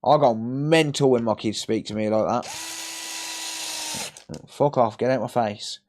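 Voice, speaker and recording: A man's voice: mid-range voice, measured pace, a little mellow, a little hiss or hum. A man chatting casually on a live repair stream, blunt and sweary, joking and ranting as he works. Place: repair workbench.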